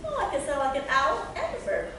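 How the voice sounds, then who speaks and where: A woman's voice: high voice, quick pace, over loud music, voice pushed up. A woman doing wide-eyed shy boy Shy Fox. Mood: wondering. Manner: wondering, excitable. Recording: echoey room, distant mic, noisy.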